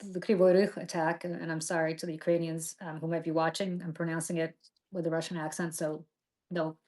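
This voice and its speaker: A woman's voice: low-pitched, level tone, a little fast, a little mellow. A middle-aged woman hosting a political talk show, talking with passion and indignation and often restarting her sentences. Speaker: podcast host.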